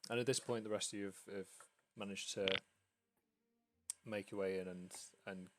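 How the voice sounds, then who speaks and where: A man's voice: on the low side, steady tone, moderate pace, background noise. Rambling male game master. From United Kingdom. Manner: loose, rambling narration with fillers. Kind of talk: narrating a tabletop game.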